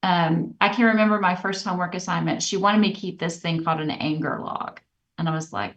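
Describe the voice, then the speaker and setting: Woman podcast co-host, earnest storyteller, lower-pitched, muffled and distant-sounding audio. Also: brisk. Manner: earnest, reflective, animated when retelling stories. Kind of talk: candid personal storytelling.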